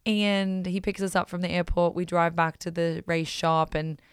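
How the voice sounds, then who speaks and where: An Australian woman tells a personal story in a loose, chatty monologue. Her voice sits a little low and sounds smooth and clear. The sound is dry and close, and she talks in an animated way, packed with "like" and "you know". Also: normal speed, no echo.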